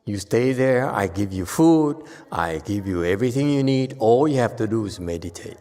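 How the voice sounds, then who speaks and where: A man's voice: lowish voice, lively intonation, normal speed, warm tone, lightly acted. A man with a Korean accent quoting a polite but demanding middle-aged woman patron in a sermon anecdote. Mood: firm. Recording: long hall reverb.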